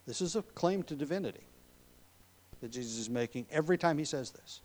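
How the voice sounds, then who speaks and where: A man's voice: on the high side, lively intonation, a little fast, darkish tone. Emphatic male preacher. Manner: emphatic, rising on key words, with frequent ums and throat clearing. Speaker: pastor. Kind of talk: expository sermon.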